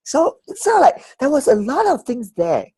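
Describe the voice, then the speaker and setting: Husky, lively woman leading coach feedback. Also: sits high, unhurried, dry recording. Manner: animated, affirming, laughs often. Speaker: coaching course facilitator. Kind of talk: leading a group feedback discussion.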